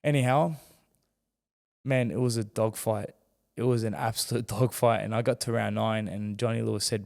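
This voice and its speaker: A man with a gravelly voice tells a story as a podcast guest, animated and acting out the people he quotes. His voice carries a long reverb from the room around him. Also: lowish voice, moderate pace. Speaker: guest, former world champion boxer. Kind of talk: candid storytelling in a podcast interview.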